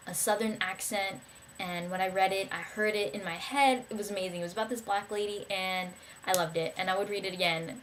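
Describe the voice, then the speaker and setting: Young woman vlogging, chatty and rambly, lots of ums, slight background noise. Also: medium pitch. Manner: rambling, enthusiastic, lots of fillers and restarts. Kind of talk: casual talk to camera.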